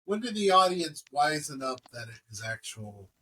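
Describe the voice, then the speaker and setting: A man's voice: fairly high pitch, sing-song, normal speed, pushed and bright, slight background noise. A man co-hosting a podcast, chatting in a hesitant way with restarts and frequent laughs. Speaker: podcast co-host. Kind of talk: casual chat.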